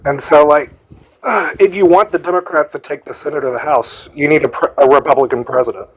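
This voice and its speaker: A man's voice: a little high, steady tone, brisk, low-quality recording. A man calling in to a debate stream, explaining his view hesitantly with many fillers. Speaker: debate caller. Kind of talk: casual debate call.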